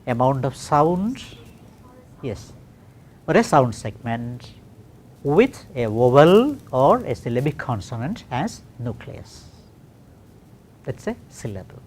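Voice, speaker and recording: A man teaching English pronunciation in a classroom, slow and deliberate, repeating words for practice and checking in with "okay". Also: on the high side, darkish tone.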